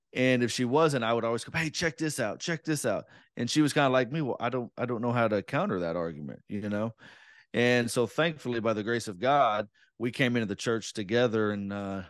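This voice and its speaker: A man in his thirties chats casually, mid-pitched and easygoing, with a self-deprecating storyteller's way of talking. The sound is dry and close, with no room around it. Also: no echo. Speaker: podcast guest. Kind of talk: casual conversation.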